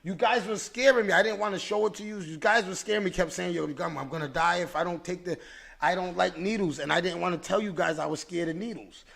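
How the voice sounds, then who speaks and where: A man hosting a podcast, telling a story in a casual, animated, profane way, with frequent restarts and repeated words. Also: high-pitched, quick pace, vocal fry. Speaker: podcast host.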